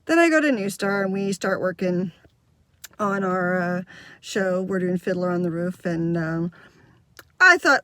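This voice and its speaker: A woman's voice: medium pitch, normal speed, dry recording. A woman in her fifties who directs children's theater, telling a story in a casual vlog and acting out the voices of the kids. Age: 50s. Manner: animated, acts out kids' voices in quotes.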